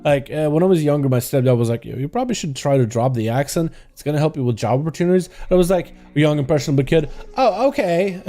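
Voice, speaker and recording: Talking fast with few pauses, the young gaming streamer has a higher voice and a dark tone. His slight Russian accent reflects his native language, and his relaxed, chatty style leans on "yo," "dude," and "boys."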